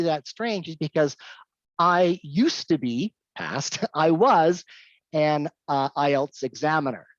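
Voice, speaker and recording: A woman giving an English-teaching talk, telling a story with animated delivery and repeating her key points. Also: deep voice, dry recording, dull audio. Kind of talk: lecture with anecdote.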